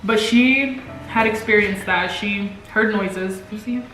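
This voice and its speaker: A woman's voice: mid-range voice, a little slow, fairly bright tone. A young woman chats through a story in a loose, rambling way, leaning on filler words. She sounds set back from the mic in a roomy, echoing space, with faint music playing underneath. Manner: rambling, filler-heavy, 'like' often. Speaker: vlog co-host. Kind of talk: casual storytelling chat. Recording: echoey room, mic at a distance, faint music.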